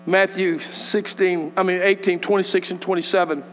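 Animated preacher in a reverberant hall. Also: male voice, high voice, normal speed. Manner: animated, acts out scripture voices, folksy asides. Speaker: pastor. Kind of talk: sermon. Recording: long hall reverb with mains hum.

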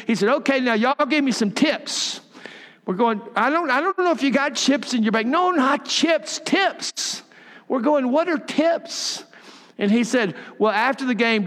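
A man's voice: high-pitched, big-room sound. An older man preaching a sermon, telling folksy stories with chuckling asides. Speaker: pastor.

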